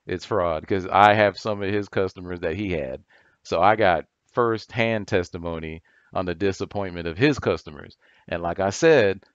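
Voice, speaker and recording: A man's voice: on the low side, clean tone, no room sound. A man ranting to camera in a blunt, profane way, often asking "you know what I'm saying?", on a dull lo-fi recording. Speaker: channel commentator. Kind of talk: heated rant to camera.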